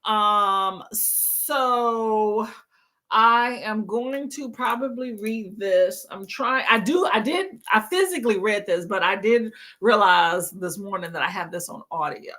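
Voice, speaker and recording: A woman's voice: medium pitch, slow, pushed and bright. A tired woman hosting a casual reading livestream, chatty and laughing often as she greets her chat. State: tired from no sleep. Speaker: livestream book club host.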